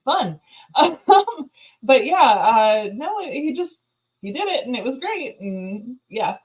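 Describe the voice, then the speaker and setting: A woman chatting casually over drinks, animated and giggly as she tells stories. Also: fairly high pitch, slow pace, poor audio. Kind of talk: casual chat over beers.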